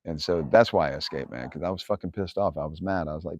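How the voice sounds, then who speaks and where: Answering questions from his livestream viewers, a man tells blunt stories packed with swearing and laughter, angrily quoting what he said. He talks fast in a low, darkish voice, and the recording has no echo.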